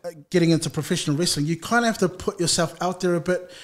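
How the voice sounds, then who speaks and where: A man's voice: high-pitched, quick pace. A man hosting an interview, encouraging and supportive, asking long, winding questions. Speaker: podcast host. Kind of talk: casual interview chat.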